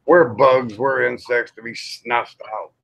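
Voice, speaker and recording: A man's voice: medium pitch, fairly even intonation, slow, vocal fry, fairly bright tone. A man in his fifties hosting a casual live-stream chat, making joking, sardonic asides. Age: 50s. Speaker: host. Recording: dull lo-fi stream audio.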